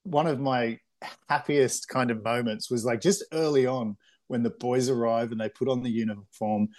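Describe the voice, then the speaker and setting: An Australian man talks about his film in an animated, storytelling way, acting out other people's lines with lots of fillers. His voice sits at an average pitch for a man. He sounds casual and talkative. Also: normal speed. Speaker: film director. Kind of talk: casual interview talk.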